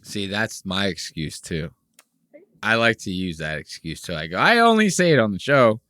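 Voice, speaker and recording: A man hosting a podcast, chatting in a loose, crude and mocking way. His voice is bright and crisp. The sound is close and dry. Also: lowish voice, big pitch swings, normal speed, dry recording. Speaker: podcast host. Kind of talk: casual podcast chat.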